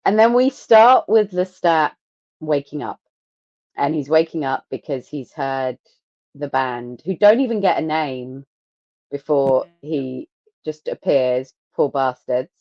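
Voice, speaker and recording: A woman co-hosting a podcast, telling stories in an animated, sarcastic, sweary way. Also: deep voice, takes it slowly, dry recording. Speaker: podcast co-host. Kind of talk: casual podcast chat. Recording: dry, dull lo-fi mic.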